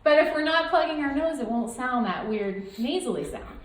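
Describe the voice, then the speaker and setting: A young woman leading a girls' choir through warm-ups, explaining and coaching in an upbeat way. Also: high-pitched, lively intonation, moderate pace. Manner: upbeat, coaching, demonstrates by singing. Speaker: choir director. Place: large echoey room with a choir. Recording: roomy echo with choir in the background.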